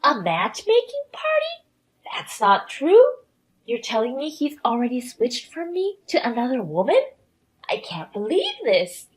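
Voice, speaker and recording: A sick young wife pleads in a high, whining voice, bitter and spiteful underneath, as a woman narrator puts her on. Her tone swoops widely as she complains. It is a storybook drama read aloud. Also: sing-song, normal speed, darkish tone. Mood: whiny.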